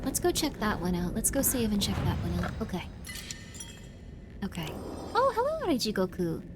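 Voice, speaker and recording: A woman streaming a horror game live, chatting in a rambling way, full of "like", venting about the combat and then softening. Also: medium pitch, animated, moderate pace. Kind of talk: live gameplay commentary. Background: game music.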